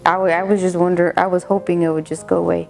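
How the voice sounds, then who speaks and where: A middle-aged woman giving a candid, reflective documentary interview, halting now and then with fillers. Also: on the low side, flat delivery, vocal fry, a little mellow, faint music behind. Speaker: interviewee, mother recalling teen pregnancy.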